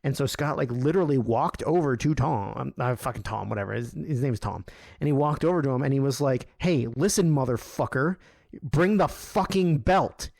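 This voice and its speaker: A man hosting a podcast, telling a long, rambling story in a casual, profane way and getting animated when he quotes other people. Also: mid-range voice, fairly quick, creaky, no room sound, clean studio sound. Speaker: podcast host.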